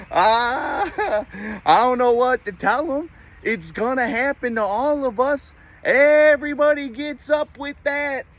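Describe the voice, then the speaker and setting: A young man from the United States delivering a comedic rant monologue, exasperated and animated, slipping into quick put-on voices for the people he mocks. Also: high voice.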